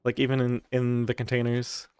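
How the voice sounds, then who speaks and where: A man's voice: medium pitch, completely flat delivery, moderate pace, a little mellow, smooth. A man streaming a game, chatting casually and thinking aloud with fillers. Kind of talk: casual chat while gaming.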